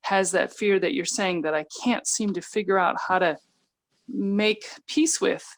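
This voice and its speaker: A woman's voice: medium pitch, measured pace. A woman from the audience, speaking openly and searchingly about her feelings. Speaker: audience member asking a question.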